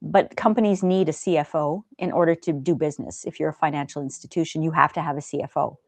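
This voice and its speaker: Gentle chatty woman, dry close sound. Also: low-pitched, steady tone, quick pace, no echo. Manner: gentle, chatty, reads viewer comments aloud. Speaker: live stream host. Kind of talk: casual live-stream chat.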